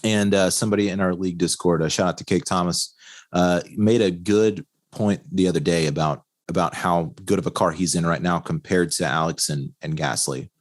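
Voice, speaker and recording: A man co-hosting a racing podcast, talking casually with lots of fillers and quick laughs. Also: low voice, steady tone, dry recording, studio quality. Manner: rambling, laughs often, many fillers. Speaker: podcast co-host. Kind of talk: casual chat.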